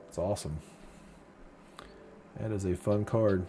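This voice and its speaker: A man's voice: lowish voice, fairly even intonation, a little slow, warm tone, a little hiss or hum. A middle-aged man hosting a casual live stream, chatty and openly sentimental, reading viewer comments aloud and answering them. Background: faint lo-fi music.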